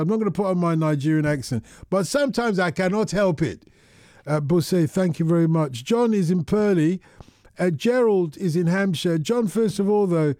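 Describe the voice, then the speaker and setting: A man's voice: high-pitched, normal speed, mellow, no room sound. Male phone-in host, rambling and chatty, darker tone, dry studio sound. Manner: rambling, repeats himself, chatty. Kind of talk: casual radio chat with callers.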